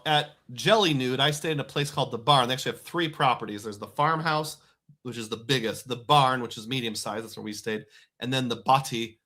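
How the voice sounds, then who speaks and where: A man's voice: mid-range voice, sharp tone. A middle-aged man hosting a casual live stream, chatting loosely and reading viewer comments aloud. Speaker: livestream host.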